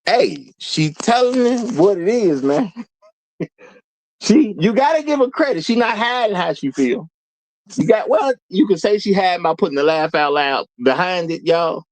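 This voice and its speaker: A man hosts a live commentary show, speaking casually to his viewers, calling them "y'all," and animatedly repeating lines for emphasis. His voice sits high at a normal speed, and the recording is dry and rough.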